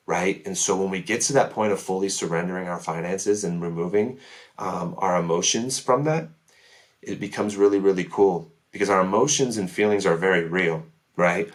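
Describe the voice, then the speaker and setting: A man's voice: sits low, steady tone, moderate pace. A man speaking as a podcast guest, sharing his testimony in an earnest, emphatic way. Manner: earnest, emphatic, many "right?" asides. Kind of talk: casual testimony chat.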